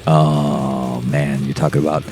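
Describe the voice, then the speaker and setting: A man's voice: a bass voice, level tone, a little slow, darkish tone, faint music behind. A man, a podcast guest, telling a rambling, profane story in casual chat and laughing as he goes.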